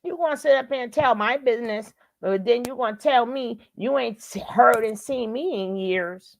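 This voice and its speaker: A woman's voice: a little high, moderate pace, creaky. A woman giving casual reaction commentary, drawling and exclaiming to her viewers.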